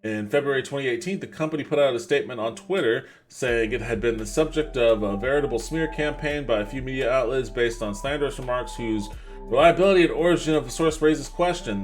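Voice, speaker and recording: A man's voice: medium pitch, darkish tone. A man hosts a livestream podcast in a mid-range voice, reading articles aloud and breaking off for wry asides. His delivery is loose and conversational, with frequent restarts and stumbles over names. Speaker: podcast host.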